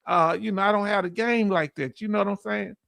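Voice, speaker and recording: A man's voice: sits high, brisk, creaky, fairly bright tone, dry recording. A middle-aged man with a Southern US accent hosting a casual livestream, joking, laughing and reading out viewer comments. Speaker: livestream host.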